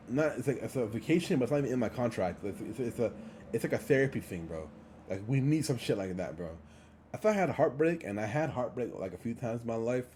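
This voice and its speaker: A man's voice: medium pitch, warm tone, slight background noise. A man livestreaming a heated, blunt monologue, swearing often and repeating phrases for emphasis. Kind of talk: casual ranting monologue.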